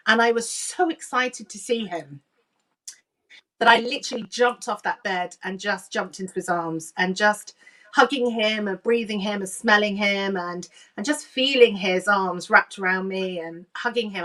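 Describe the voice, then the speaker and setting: A woman, a medium and coach, telling a deeply personal story in an earnest, emotional way and acting out remembered dialogue. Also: bright, forceful tone, recorded from a distance.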